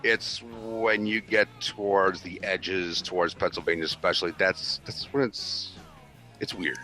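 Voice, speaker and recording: A man in his forties tells a long story in casual conversation, swearing constantly and animatedly acting out people's voices. His low voice keeps a measured pace over soft background music.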